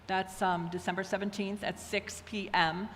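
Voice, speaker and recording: A woman's voice: mid-range voice, flat delivery, moderate pace, fairly bright tone, a little hiss or hum. Chatty older woman in an echoey hall. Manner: chatty, rambling, many fillers. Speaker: church leader. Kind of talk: casual church announcements. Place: church hall. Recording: echoey hall, faint ambience.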